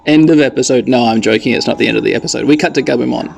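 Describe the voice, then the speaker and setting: Gravelly man narrating a game casually. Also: medium pitch, very fast. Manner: rambling, relaxed, self-correcting. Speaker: podcast host narrating gameplay. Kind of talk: casual sleep-podcast narration. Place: side entrance of a half-built house.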